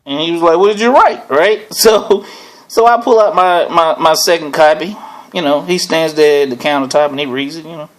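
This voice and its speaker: A man hosting his own show, telling a personal story in a casual, animated way, often chuckling and asking "right?". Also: fairly high pitch, normal speed. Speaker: host.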